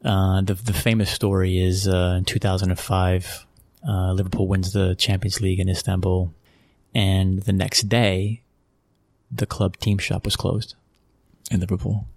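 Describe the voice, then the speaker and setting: Gravelly middle-aged American man, casual. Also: low voice, little pitch movement, measured pace, a little mellow, no echo. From Texas, USA. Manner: conversational, repeats phrases, chuckles often. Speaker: guest, sports executive. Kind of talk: relaxed interview storytelling.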